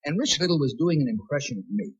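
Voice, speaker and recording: A man's voice: fairly high pitch, lively intonation, quick pace, breathy edge, highs cut off. A man as guest of honor at a comedy roast, telling wry self-mocking jokes in a vintage television broadcast recording. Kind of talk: stand-up roast speech.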